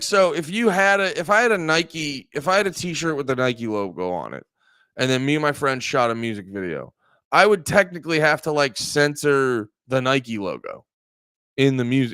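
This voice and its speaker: A man talking off the cuff on a livestream, meandering, joking and swearing as he answers his chat. His voice is smooth and clean, recorded dry with no room sound around it. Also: mid-range voice, a bit bright, dry recording. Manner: rambling, profane, joking, talks to chat. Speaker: livestream host.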